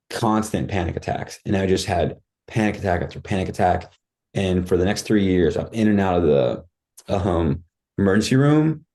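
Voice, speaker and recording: A man's voice: deep voice, warm tone. A man guest on a podcast, telling his life story in a candid, rambling way with many fillers and restarts. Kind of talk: casual storytelling.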